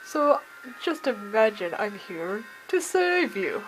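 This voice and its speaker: A woman's voice: medium pitch, very animated, slow pace, faint music behind, low-quality recording. A woman voicing a jovial middle-aged male language teacher, theatrical and dropping foreign words, read aloud from a game. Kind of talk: reading game dialogue aloud.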